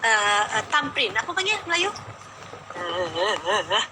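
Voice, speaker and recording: A woman's voice: medium pitch, very animated, a little slow, noisy background. A woman, a vocal coach talking casually and emphatically in mixed Malay and English, asking rhetorical questions.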